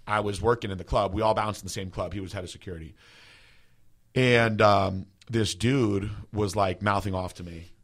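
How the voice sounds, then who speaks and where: Rambling, foul-mouthed podcast host, low voice. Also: male voice, fairly bright tone. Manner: rambling, heavy "like" filler, profane. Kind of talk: casual storytelling chat.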